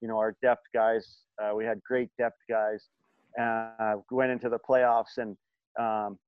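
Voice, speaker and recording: A man's voice: on the low side, level tone, measured pace, clear, resonant tone, no room sound, narrow, tinny audio. Rambling middle-aged man telling stories. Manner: rambling, many fillers and restarts. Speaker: podcast guest, former hockey player. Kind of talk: casual storytelling.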